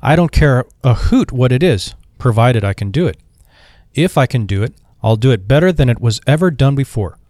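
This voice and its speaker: A man's voice: mid-range voice, lively intonation, moderate pace, darkish tone, dry recording, clean studio sound, lightly acted. A man reading aloud and voicing a cheerful, earnest young army veteran looking for work. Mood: eager.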